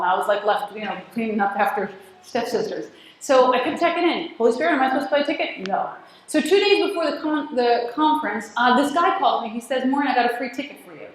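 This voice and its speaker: A woman's voice: fairly high pitch, fast talker. A woman telling a personal story in a talk, acting out the dialogue and laughing often. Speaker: speaker at a spiritual community gathering. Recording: very echoey hall.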